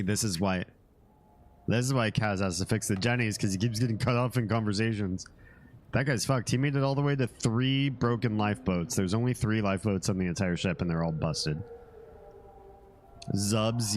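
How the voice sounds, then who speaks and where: Brief: low-voiced male streamer, casual and jokey, loose with profanity, faint room hiss behind. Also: normal speed. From Finland and the United States. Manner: rambling, joking, swears freely. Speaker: game streamer. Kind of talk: casual gameplay stream chat.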